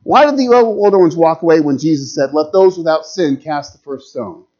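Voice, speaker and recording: A middle-aged man preaching a sermon dramatically, rising to urgent peaks and dropping to hushed lows. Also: lively intonation, a little fast. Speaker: pastor. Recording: dull lo-fi sound.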